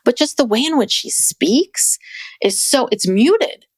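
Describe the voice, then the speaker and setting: A woman co-hosting a podcast in casual chat, animated and laughing as she jumps between topics. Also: fairly high pitch, a little slow, no room sound. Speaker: podcast co-host.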